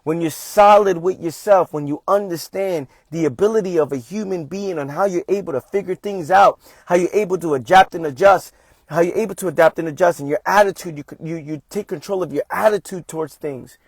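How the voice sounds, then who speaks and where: Man, motivational livestream talker, a bit high-pitched, emphatic and repetitive, dry close sound. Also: a little fast, no echo. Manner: emphatic, repetitive, calls listeners "fam". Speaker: motivational speaker.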